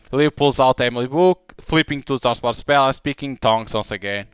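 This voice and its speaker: A man's voice: mid-range voice, fairly quick, hardly any pauses, clean tone, no echo. A man reading a game's story aloud and adding casual, conversational commentary between scenes. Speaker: gaming channel host.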